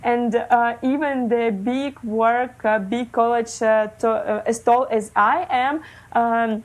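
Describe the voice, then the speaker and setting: Russian-born woman, 30s, non-native English, slightly high, slow and halting, interview guest. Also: fairly even intonation, poor audio. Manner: hesitant, many fillers, non-native phrasing. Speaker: guest, illustrator. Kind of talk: casual interview talk. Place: living in Germany.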